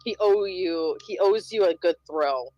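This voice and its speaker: A woman's voice: fairly low pitch, unhurried, dark tone, muffled recording. A woman playing a tabletop game in casual chat, playful and giggly. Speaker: player.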